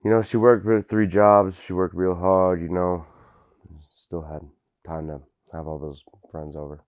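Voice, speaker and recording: A man playing a dim, washed-up crunk rapper who rambles through an interview, filling every pause with fillers. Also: sits low, level tone, a little mellow, dull audio. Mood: rambling.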